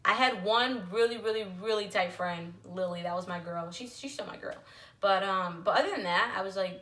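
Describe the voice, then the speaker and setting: A woman's voice: medium pitch, a little fast, fairly bright tone, reverberant. A young woman telling a personal story to camera in a candid, emotional way, with lots of "like" and "literally". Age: young adult. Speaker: vlogger.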